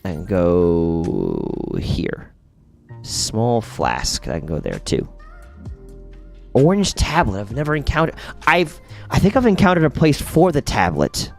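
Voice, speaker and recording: Man, casual game-stream host, animated rise and fall in his voice, chatty, thinks out loud, faint music underneath. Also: fairly low pitch, takes it slowly, vocal fry, long pauses. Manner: chatty, thinks aloud while playing and answers viewers. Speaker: streamer hosting a faith-based gaming stream. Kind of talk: casual live-stream chat while gaming.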